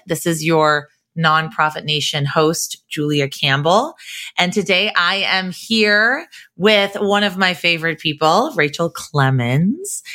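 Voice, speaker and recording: A woman's voice: sits low, pushed and bright. A middle-aged woman hosting a podcast, talking in an upbeat, grateful way. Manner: upbeat, thankful, enthusiastic. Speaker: podcast host. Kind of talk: podcast intro and chat.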